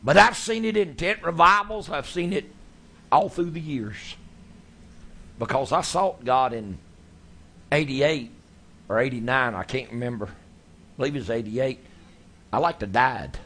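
A man preaching a sermon, telling his stories in a folksy, animated way. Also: medium pitch, unhurried, creaky, pauses often. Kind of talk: sermon storytelling.

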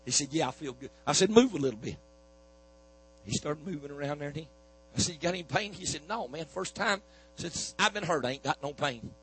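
Husky preacher man telling a testimony. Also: on the high side, expressive, fairly quick, a bit bright, rough recording. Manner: folksy storytelling, repeating "I said, he said". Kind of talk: sermon testimony.

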